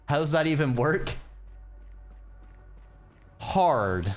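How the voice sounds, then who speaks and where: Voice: medium pitch, big pitch swings, very slow, faint music behind. A streamer rambling and joking to themselves during live gameplay commentary. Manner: rambling, joking self-talk.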